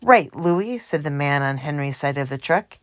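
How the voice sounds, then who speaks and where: A woman narrating a children's storybook in a steady, even reading voice. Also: low voice, moderate pace, clear, resonant tone. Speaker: audiobook reader.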